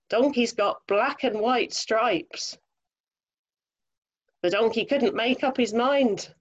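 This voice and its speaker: Expressive female storyteller for children, slightly high, lo-fi video call audio. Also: takes it slowly, long pauses. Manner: lively, expressive, chatty. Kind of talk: reading a children's story aloud.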